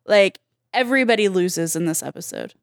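A woman co-hosting a podcast, casually analyzing a cartoon's characters and reasoning aloud in quick bursts. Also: mid-range voice, no room sound, studio quality. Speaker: podcast co-host.

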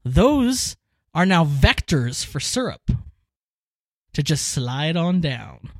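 A man's voice: on the high side, very animated, slow, dry recording. A podcast host in easygoing conversation, his voice rising and falling with a lot of animation. He talks with emphatic conviction, leaning hard into his points. The sound is dry and close. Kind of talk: casual chat.

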